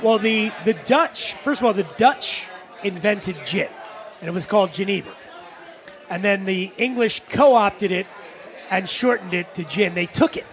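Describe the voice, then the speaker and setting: A man co-hosting a casual podcast chat, animated and laughing as he explains with punchy asides. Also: sits high, a little slow, a faint crowd. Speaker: podcast co-host, spirits expert.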